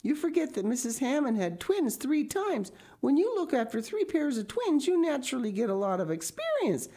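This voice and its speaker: A woman's voice: high voice, very animated, normal speed, dark tone, pitched above the performer's own voice, exaggerated voice. A woman reading an audiobook, voicing an eager, talkative young girl who gushes. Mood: reassuring. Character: chatty, imaginative young girl.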